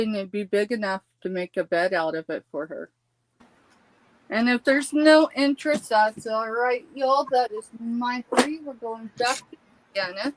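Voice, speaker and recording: A woman co-hosting a live sale, relaxed and easygoing. She talks slowly, unhurried, in a slightly high voice, with a dry sound close to the mic. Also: dry recording, poor audio. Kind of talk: casual live selling chat.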